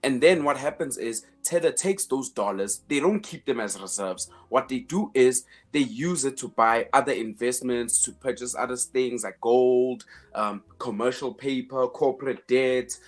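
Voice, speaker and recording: A man's voice: medium pitch, normal speed, hardly any pauses, faint music behind. A man hosting a finance show in casual commentary, emphatic, repeating words as he builds each point, with sarcastic asides.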